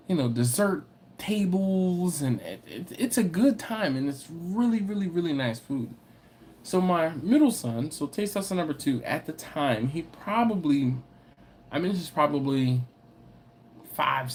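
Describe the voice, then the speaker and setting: A man's voice: a little high, slight background noise. A middle-aged man, hosting a casual livestream and telling stories while reading viewer comments aloud. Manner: storytelling, reads chat aloud, animated when excited. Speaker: BBQ channel host.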